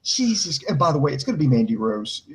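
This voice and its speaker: Man, fairly high voice, heated mocking rant, profane, casual review podcast. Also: sing-song, quick pace, poor audio. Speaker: wrestling show reviewer.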